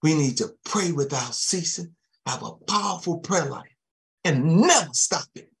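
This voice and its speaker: A man preaching a sermon, chuckling often and dropping amens and soft thanks to Jesus between his points. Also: a little high, lively intonation, measured pace.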